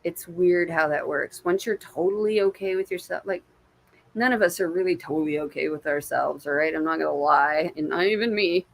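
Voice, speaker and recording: A woman's voice: on the low side, brisk, gravelly, a little hiss or hum. Sweary, upbeat woman giving psychic readings. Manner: casual, encouraging, sweary, calls viewers babe and my friend. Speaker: intuitive reader. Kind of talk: live-stream psychic reading.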